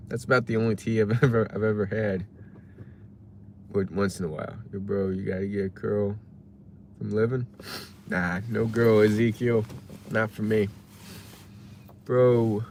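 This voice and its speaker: A man's voice: fairly low pitch, darkish tone, slight background noise. A man casually chatting on a livestream, musing and reading chat messages aloud from his parked car. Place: parked car while waiting for delivery orders.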